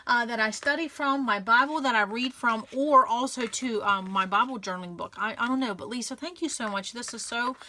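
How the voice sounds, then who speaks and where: Woman vlogger, effusive and grateful, bright slightly high voice, rambling casual crafting chat. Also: brisk, hardly any pauses. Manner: chatty with many restarts and fillers. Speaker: scrapbooking channel host.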